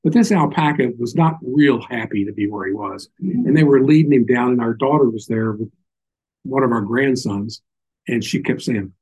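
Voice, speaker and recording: A man's voice: mid-range voice, expressive, moderate pace, darkish tone, slightly rough, poor audio. An older man with a Southern accent giving an informal Bible teaching, folksy and full of little stories and asides. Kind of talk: informal sermon.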